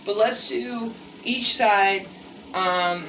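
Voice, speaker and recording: A woman's voice: mid-range voice, takes it slowly, noisy background. Chatty woman in an echoey room. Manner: chatty, self-deprecating, with many fillers. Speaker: fitness vlogger. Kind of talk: casual workout demonstration. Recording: echoey room, mic at a distance, faint music.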